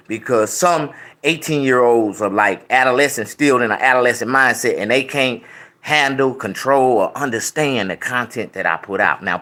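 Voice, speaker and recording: A man in his fifties talking loudly and casually to his viewers while eating, rambling and preaching between bites and humming over his food. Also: medium pitch. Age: 50s. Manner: loud, preachy, with rambling riffs; chews and hums with food in his mouth. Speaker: YouTube vlogger.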